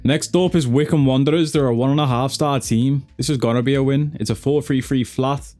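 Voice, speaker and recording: A man's voice: medium pitch, fairly even intonation, fairly quick, darkish tone, faint music behind. A man giving casual, chatty commentary over his own football video game, swearing and calling viewers lad and bro. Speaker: gaming YouTuber.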